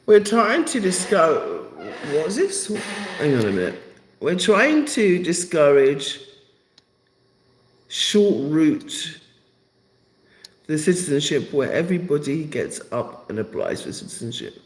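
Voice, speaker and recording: A woman talks straight to her live-stream viewers, driving each point home by repeating it. Her pitch swings widely and her voice has a lively, animated rise and fall. The sound carries a noticeable echo from the room. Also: measured pace, pauses often. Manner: emphatic, repeats phrases for effect. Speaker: channel host. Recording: echoey room.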